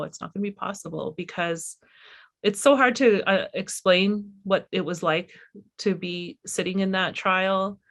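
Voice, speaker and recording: Middle-aged woman, filmmaker guest, lowish voice, candid, halting and reflective. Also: a bit bright. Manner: candid, halting, with many restarts and fillers. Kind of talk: reflective conversation.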